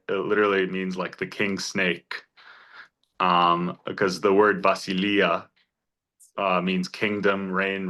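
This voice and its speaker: Male Greek teacher, low-ish bright voice, patient and encouraging, informal class. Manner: encouraging, explains step by step with examples. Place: church classroom.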